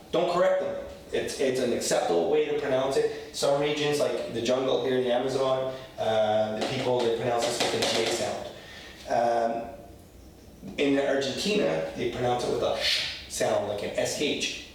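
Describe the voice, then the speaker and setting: A man with a medium-pitched voice teaches a casual Spanish lesson in a room in Lima, Peru, being blunt and profane and asking "okay?" again and again. He sounds distant in a very echoey room, with a little hiss or hum.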